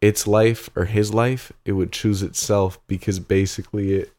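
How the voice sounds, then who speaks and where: A man's voice: on the low side, fairly even intonation, normal speed, very noisy. A young man co-hosting a podcast, chatting loosely with a friend, laughing and swearing as he tells stories. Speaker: podcast co-host. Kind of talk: casual chat.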